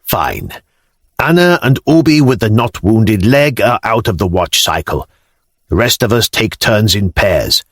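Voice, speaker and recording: A male narrator voicing a weary, wounded Norse warrior leader who speaks bluntly and gruffly in an audiobook. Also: fairly low pitch, animated, measured pace, fairly bright tone, no room sound, studio quality, full character voice. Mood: commanding.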